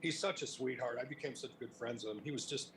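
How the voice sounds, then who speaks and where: A middle-aged man from Cleveland, telling stories in a casual interview, animated and profane, laughing as he talks. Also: mid-range voice, quick pace, a little hiss or hum, poor audio. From Cleveland, United States. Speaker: interview guest, music industry veteran.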